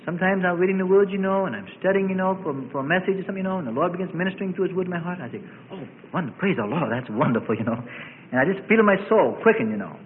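A man preaching a sermon, building to emphatic peaks and dropping to soft, conversational asides. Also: high-pitched, animated, racing, a little hiss or hum. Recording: tinny phone-like recording.

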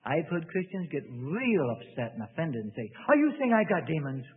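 A man preaching a sermon in an animated way, acting out the voices of people praying. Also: on the high side, moderate pace, husky. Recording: phone-like sound in a reverberant hall.

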